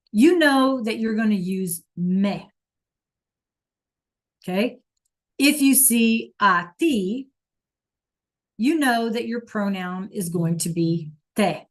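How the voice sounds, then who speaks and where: A woman Spanish teacher giving an online class lesson, searching for examples with many fillers and acting out short dialogues. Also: fairly high pitch.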